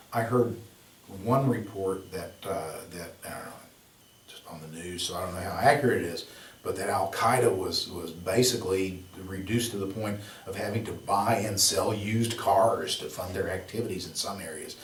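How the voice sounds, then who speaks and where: Male instructor, loose conversational classroom delivery full of asides, recorded from a distance with room echo. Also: fairly low pitch. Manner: conversational, rambling, with many fillers and rhetorical questions. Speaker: exam prep instructor. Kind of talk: classroom lecture.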